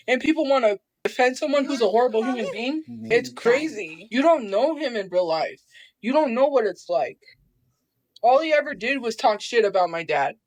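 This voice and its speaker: Defensive and aggrieved, a New Mexico woman from Albuquerque recounts family matters during a livestream. Her voice is somewhat high, and the recording has no echo.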